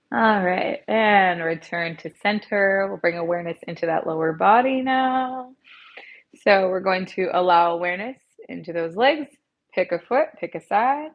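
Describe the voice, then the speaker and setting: A woman yoga instructor calmly guiding a class through stretches, speaking into an earpiece mic. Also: mid-range voice, normal speed, dull audio. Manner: gentle, calm cueing with soft encouragement.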